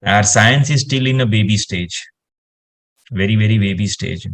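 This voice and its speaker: A man's voice: lowish voice, normal speed. Rambling man explaining. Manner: explanatory, rambling, heavy on "you know" fillers. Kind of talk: casual conversation.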